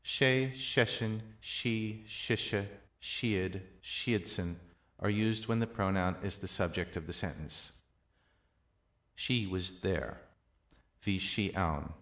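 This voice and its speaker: A man teaching a recorded language lesson, reading each example slowly and clearly. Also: on the low side, fairly bright tone. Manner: slow, measured, careful enunciation of each example.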